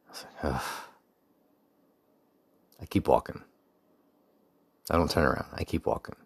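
Very deep-voiced man telling a story. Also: unhurried, husky, no room sound. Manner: rambling, with frequent restarts and asides; faith-focused reflection. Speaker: podcast host. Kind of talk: casual personal storytelling.

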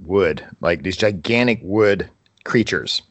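A man with a gravelly, very low voice talks casually on a podcast. He rambles and restarts his sentences often. The sound is dry and close, with no room around it. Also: takes it slowly, no room sound. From Kentucky, USA. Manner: rambling, with frequent restarts and chuckles. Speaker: podcast co-host. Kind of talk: casual chat.

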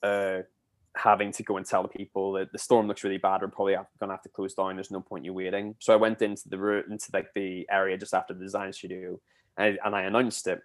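The ex-theme-park cast member, now a podcast guest in his twenties, has a low-pitched voice and a quick pace. He's chatty and rambling, growing animated as he spins casual anecdotes.

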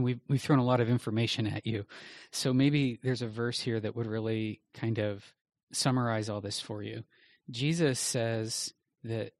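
A man's voice: mid-range voice, darkish tone, no room sound. A man co-hosting a Bible question show, explaining in a conversational, earnest way. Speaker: co-host pastor.

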